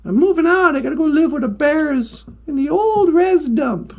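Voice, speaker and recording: A woman's voice: high voice, lively intonation, normal speed, a little mellow. A woman voicing a timid, sad little teddy bear. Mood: sad, meek. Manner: meek, hesitant.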